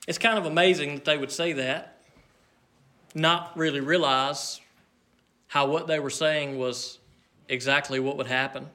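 A man preaching a sermon, earnest and measured, swinging between loud emphasis and near hush. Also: a little high.

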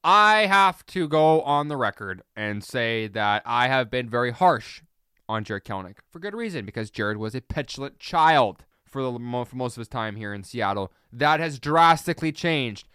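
A man hosting a solo sports podcast, ranting in an animated, sarcastic way and rambling with self-corrections. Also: medium pitch, moderate pace, smooth, no echo, clean studio sound.

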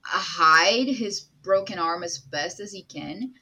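A woman's voice: on the low side, slow, a loud crowd, poor audio. A woman playing a tabletop role-playing game, describing her character's actions hesitantly with many fillers. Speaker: player.

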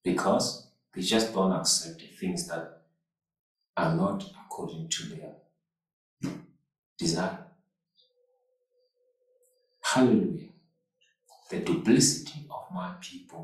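Male pastor; slow, repetitive preaching, heard from afar in a reverberant church hall. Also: low voice. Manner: slow, repetitive preaching with call-outs to the congregation. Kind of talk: sermon. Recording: echoey hall, mic far off.

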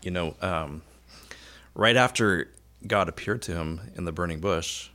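Low-voiced man telling a story animatedly. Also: measured pace, pushed and bright. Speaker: podcast co-host. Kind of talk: conversational Bible discussion.

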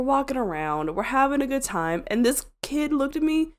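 A young woman co-hosting a podcast in relaxed chat. She is animated, laughs often, and breaks into loud exclamations. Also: on the high side, a little fast, hardly any pauses. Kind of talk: casual chat.

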